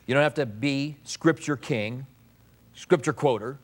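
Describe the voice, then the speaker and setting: A man's voice: mid-range voice, unhurried, slightly rough. A man preaching a sermon as pastor, in a conversational way, often mimicking what people say.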